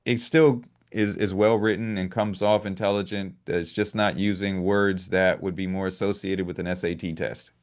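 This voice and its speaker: Brief: male co-host, low voice, thoughtful and halting, dry wit. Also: fairly even intonation. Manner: measured, hesitant, with fillers and dry humor. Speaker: podcast co-host. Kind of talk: casual political talk.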